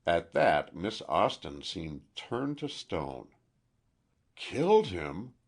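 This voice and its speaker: A male audiobook narrator with a low, husky voice. He reads slowly and with lively, shifting intonation. His delivery is measured and expressive. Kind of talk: audiobook reading.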